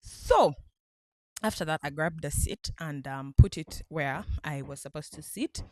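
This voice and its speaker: A woman vlogger from Uganda excitedly retelling a night out, laughing often as she talks. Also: deep voice, unhurried, no echo, clean studio sound. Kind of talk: casual storytelling vlog.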